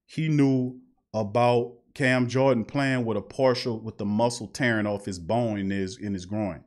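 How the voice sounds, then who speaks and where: A man's voice: fairly low pitch, steady tone, measured pace, darkish tone. A man hosting a live call-in sports talk show, talking in a heated, emphatic way and repeating his points.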